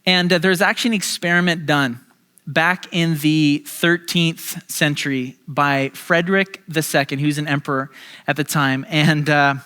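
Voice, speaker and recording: A man's voice: fairly high pitch, fairly even intonation, a little slow, pushed and bright, clean tone. A male pastor preaching a sermon in a casual, chatty storytelling way with lots of fillers and restarts.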